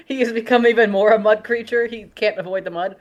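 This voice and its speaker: A woman's voice: a little high, fairly even intonation, brisk, muffled recording. A woman playing in a tabletop game, chatting casually at the table and rambling, with lots of giggles and restarts. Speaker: player.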